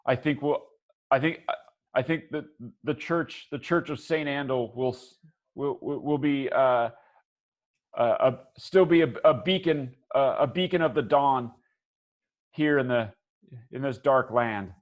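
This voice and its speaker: A man's voice: medium pitch, measured pace, pauses often, highs cut off, close to an everyday voice. A man putting on a hesitant, weary village priest. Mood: hopeful.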